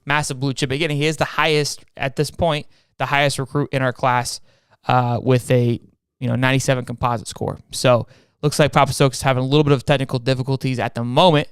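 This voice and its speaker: A young man hosting a casual sports talk stream, energetic and repeating his words as he goes. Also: medium pitch, fast talker, smooth, no echo, studio quality. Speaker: host.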